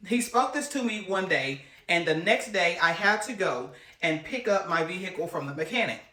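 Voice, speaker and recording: A woman's voice: on the low side, animated, normal speed, pushed and bright, echoey room. A woman telling a heartfelt personal faith testimony to her viewers and ending in prayer. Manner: earnest, heartfelt storytelling with a closing prayer. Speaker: faith-based autism parent coach.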